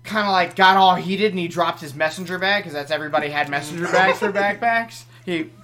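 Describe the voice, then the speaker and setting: A young man, a podcast guest, telling a school story in animated, laughing casual chat and swearing freely. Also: high-pitched, a little fast, noisy background.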